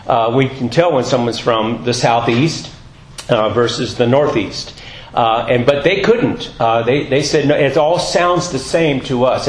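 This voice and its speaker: A man's voice: on the high side, echoey room, slight background noise, poor audio. A man giving a sermon, talking in a chatty, rambling way with lots of fillers. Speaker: guest preacher. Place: church.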